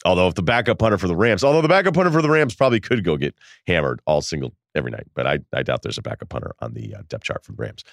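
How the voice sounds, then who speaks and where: A man's voice: low-pitched, very fast, creaky, dry recording, studio quality. A man hosting a podcast, telling a story casually, laughing and quoting people as he goes. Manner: animated, laughing, quotes people in voices. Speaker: podcast host.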